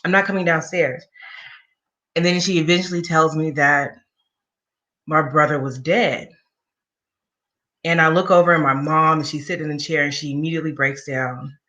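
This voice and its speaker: A woman's voice: sits low, fairly even intonation, normal speed, pauses often, pushed and bright. A woman in an interview recounting a personal story in a candid, conversational way with wry asides. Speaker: guest sharing a personal story.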